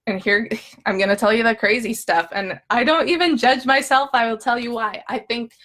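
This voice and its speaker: Here the emotional eating coach has a fairly high, slightly bright voice and a moderate pace. Talking live to her viewers, she stays upbeat and chatty, checks in often with "okay?", and theatrically voices what goes on in her head.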